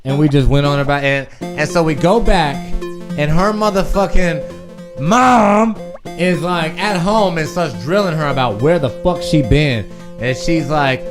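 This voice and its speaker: A young man hosting a podcast stream, telling a personal story in a candid, profane, animated way. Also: fairly high pitch, slow pace, music in the background. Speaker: podcast host.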